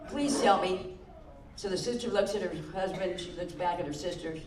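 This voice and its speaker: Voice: medium pitch, fairly even intonation, quick pace, background noise. An older performer telling jokes at a talent show, self-deprecating and openly nervous, laughing at their own punchlines. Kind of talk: stand-up joke telling. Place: senior center hall. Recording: echoey hall, mic far off.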